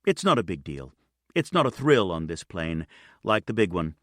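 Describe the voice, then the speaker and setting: A man voicing a patient, steady female airline captain who speaks quietly and kindly. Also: deep voice, moderate pace, no echo, clean studio sound. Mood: calm.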